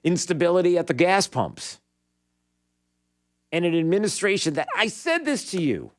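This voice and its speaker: A male talk radio host with a fairly high voice that swings up and down a lot as he rants. He is sarcastic and bantering, heard on a dry, close studio mic. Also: moderate pace, no room sound. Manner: sarcastic, animated, banters with producer. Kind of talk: opinionated talk radio monologue.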